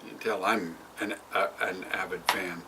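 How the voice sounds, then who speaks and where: A man's voice: deep voice, fairly even intonation, moderate pace, creaky, far from the mic, very noisy. A man co-hosting a casual chat over drinks, teasing and laughing often. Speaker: podcast co-host.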